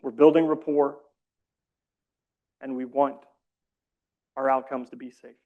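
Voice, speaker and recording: A man leading a community training session, explaining calmly with casual, self-deprecating asides. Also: medium pitch, measured pace, phone-quality sound. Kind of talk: training presentation.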